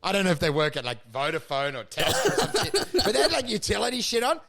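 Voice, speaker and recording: A man's voice: high voice, animated, fast, creaky, pushed and bright. A man co-hosting a comedy podcast, telling absurd, self-deprecating stories. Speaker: podcast co-host.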